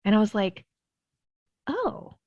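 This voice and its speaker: Woman, pediatrician guest on a podcast, animated storyteller who laughs easily and fills with "you know"; muffled, dry lo-fi audio. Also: mid-range voice, normal speed, no room sound. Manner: lively storyteller, laughs often, many "you know" fillers. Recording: dull, dry lo-fi sound.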